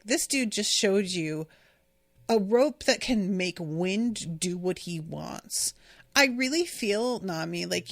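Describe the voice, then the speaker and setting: Unhurried woman podcast host recapping an episode. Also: mid-range voice, fairly bright tone, dry recording, clean studio sound. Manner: exasperated, chatty, with frequent filler words. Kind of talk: casual episode recap and commentary.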